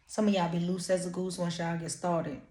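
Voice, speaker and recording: Cursing freely and talking in street slang, this Louisiana intuitive reader bluntly channels energy in a casual reading. She speaks a little fast in a level, mellow voice on the low side. There's noticeable room echo.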